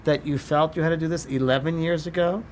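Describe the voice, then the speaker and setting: A man working as a psychic medium, giving a live workshop demonstration in a halting, repetitive way as he names each impression he gets. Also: fairly high pitch, fairly even intonation, slight background noise. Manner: halting, repeats "I feel" while reading impressions. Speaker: psychic medium teaching a class.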